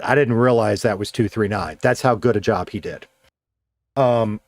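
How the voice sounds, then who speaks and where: A man's voice: mid-range voice, no room sound. Rambling man chatting on a game stream. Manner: rambling, self-deprecating, thinking aloud. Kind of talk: casual live-stream chat while playing.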